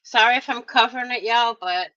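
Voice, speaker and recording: Bright-voiced woman chatting through a craft tutorial. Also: on the high side, fairly quick. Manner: chatty, talks to viewers directly, playful little exclamations. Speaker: craft vlogger. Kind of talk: casual crafting tutorial narration. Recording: dull lo-fi recording.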